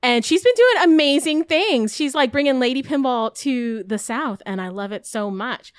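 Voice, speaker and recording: Young woman, bubbly podcast co-host, smooth clear voice, dry close sound. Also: high-pitched, lively intonation, normal speed, dry recording. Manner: bubbly, lots of "like" and laughs. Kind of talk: casual chat.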